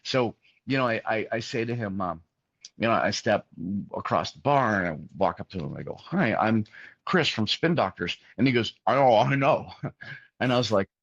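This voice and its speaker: Male interview guest, fifties, low-pitched, loose storyteller, dull and dry audio. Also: lively intonation, normal speed, a bit bright, no echo. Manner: rambling, many fillers and restarts. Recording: dull, muffled sound, dry.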